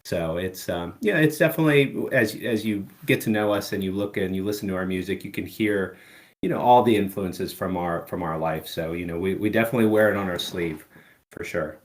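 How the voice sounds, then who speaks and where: A middle-aged man speaks as a musician guest in a loose interview. His voice sits very low, and he talks in long, rambling runs padded with fillers. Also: fairly quick. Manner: relaxed, rambling, many "you know" fillers. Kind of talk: casual interview chat.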